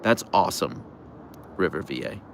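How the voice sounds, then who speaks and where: A tired, relaxed man hosting a casual livestream, rambling with fillers as he answers viewer comments. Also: deep voice, normal speed, a little hiss or hum. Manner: relaxed, rambling, with fillers, soft coos to the dogs. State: tired, yawning. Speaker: livestream host with pet huskies.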